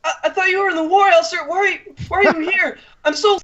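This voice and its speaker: A man's voice: very high voice, fairly even intonation, racing, pushed and bright. A man voicing a naive, anxious young male adventurer who stammers and pleads, on dull lo-fi audio.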